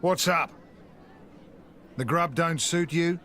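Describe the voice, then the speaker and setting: An actor playing a blunt, world-weary middle-aged mercenary captain in a video game, with a broad, exaggerated Australian accent and a rough drawl. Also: male voice, a little high, slow pace, pushed and bright, some chatter behind, slight background noise. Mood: gruff. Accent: broad exaggerated Australian (Bogan). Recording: game audio with music behind.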